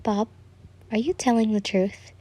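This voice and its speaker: A woman's voice: fairly high pitch, fairly even intonation, unhurried, warm tone, no room sound. A woman voicing a protective, blunt young friend who talks in a direct, insistent way, in a fan story reading.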